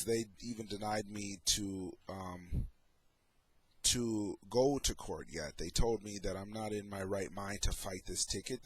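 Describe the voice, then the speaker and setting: A man's voice: fairly low pitch, breathy edge. A middle-aged man talking in a casual, sarcastic way as he comments on photos and his own troubles. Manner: sarcastic, slow and deliberate. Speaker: vlogger.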